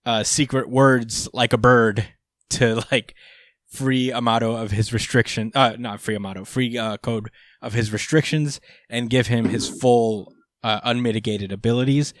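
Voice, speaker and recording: A man's voice: mid-range voice, steady tone, normal speed, no echo, studio quality. A young man hosting a podcast, recapping a chapter in rambling casual chat with many fillers and casual swearing. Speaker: podcast host.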